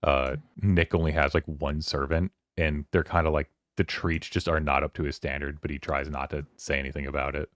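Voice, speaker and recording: Very deep-voiced man recapping a book. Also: steady tone, a bit bright, no room sound, clean studio sound. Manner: rambling, filler-heavy, quoting characters in quick voices. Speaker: streamer hosting a book club. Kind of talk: casual chat recapping a novel.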